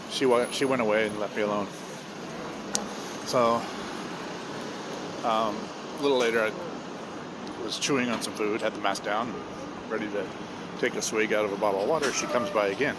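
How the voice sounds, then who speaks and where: A man telling a story in a casual, rambling way, sardonic and swearing freely, with many pauses and fillers. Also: on the low side, fairly even intonation. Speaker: vlogger. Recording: loud vehicle noise behind.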